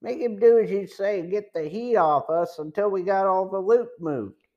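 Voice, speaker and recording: Eager rough crook sidekick, read by a man, raised pitch, fast, lo-fi. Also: darkish tone, close to an everyday voice.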